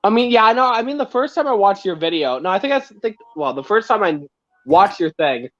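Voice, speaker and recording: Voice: mid-range voice, sing-song, a little fast, a bit bright, highs cut off, faint music behind. A guest on a livestream, chatting in an easygoing way, trailing off with "so" and laughing at themselves. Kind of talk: casual livestream chat.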